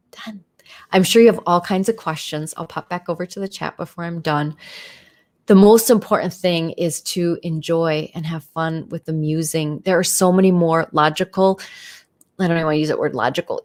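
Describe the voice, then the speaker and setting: Chatty woman hosting a livestream. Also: on the low side. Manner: chatty and enthusiastic, many fillers. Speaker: livestream host. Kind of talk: casual livestream monologue.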